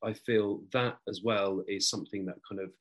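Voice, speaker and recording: Male guest, lowish voice, thoughtful and halting, casual chat. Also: steady tone. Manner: reflective, hesitant, many restarts. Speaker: podcast guest. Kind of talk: casual conversation.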